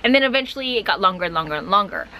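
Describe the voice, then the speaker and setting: A woman travel vlogger talks to camera in a casual, candid chat. Her speech is quick and tumbles along, and her voice sounds bright and tense. A faint noise sits behind her. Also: medium pitch, lively intonation, low-quality recording. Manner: fast, chatty, candid.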